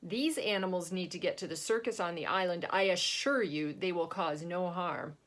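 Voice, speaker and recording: A woman's voice: on the low side, normal speed, fairly bright tone, lightly acted. A woman voicing a confident, reassuring mother in a storybook reading. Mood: assured. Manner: assured, reassuring. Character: calm, confident mother of a teenager.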